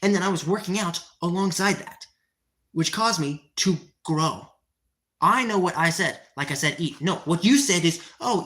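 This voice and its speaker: A woman's voice: fairly low pitch, a bit bright. A woman livestreaming a workout, ranting heatedly and profanely at her chat, winded from exercise. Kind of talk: livestream chat while working out.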